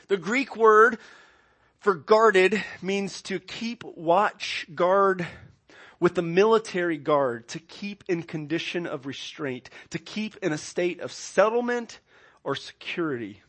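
A man preaching a sermon as pastor, dropping to quiet, low asides and then rising to loud, emphatic declarations. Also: animated, slow pace.

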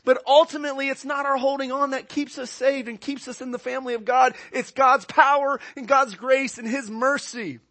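A man preaching a sermon as pastor, dropping to quiet, low asides and then rising to loud, emphatic declarations. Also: moderate pace.

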